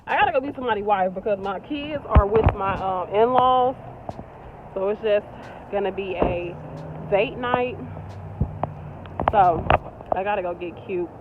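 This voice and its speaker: A woman in her thirties, a nurse vlogger, talking casually and warmly to her viewers in an animated, slangy way. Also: mid-range voice, a little slow, long pauses, narrow, tinny audio, very noisy. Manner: chatty, animated, slangy and heartfelt. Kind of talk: casual vlog talk to viewers.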